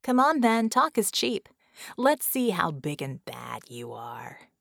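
A woman's voice: lowish voice, big pitch swings, slow, vocal fry, a bit bright, no echo, exaggerated voice. A cocky magical heroine taunts her enemy with smug self-assurance, as a woman reader acts her out. She sounds like an audiobook fighter in full command. The recording is dry and close. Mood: taunting.

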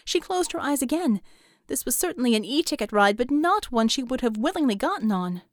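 A woman reading an audiobook aloud in a brisk, engaged storytelling style. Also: high-pitched, sing-song, no room sound, studio quality. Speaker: audiobook narrator. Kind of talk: scripted narration.

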